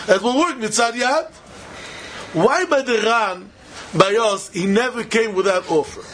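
Male Talmud teacher, high-pitched, chanting, questioning lecture, faint hiss behind. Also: fairly bright tone. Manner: questioning, sing-song study chant, laughs between points. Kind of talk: yeshiva-style Talmud lecture.

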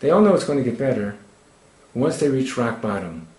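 A man's voice: mid-range voice, very animated, brisk, darkish tone, echoey room, rough recording. A man giving a Torah lecture, quoting Hebrew texts and translating them as he explains. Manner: expounds texts, quotes Hebrew then translates. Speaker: Torah teacher.

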